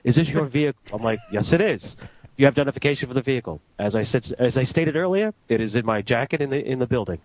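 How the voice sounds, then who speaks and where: A man working as a radio transmitter engineer, telling anecdotes in a casual, animated way and acting out the dialogue. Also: mid-range voice, fast talker, low-quality recording. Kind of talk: casual storytelling.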